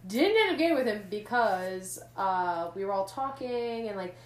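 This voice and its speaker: A woman's voice: mid-range voice, lively intonation, normal speed, echoey room, far from the mic. A woman in her twenties, co-hosting a podcast, telling a story in a casual chat and quoting people as she goes. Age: 20s. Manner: storytelling, quoting others, laid-back. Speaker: podcast co-host.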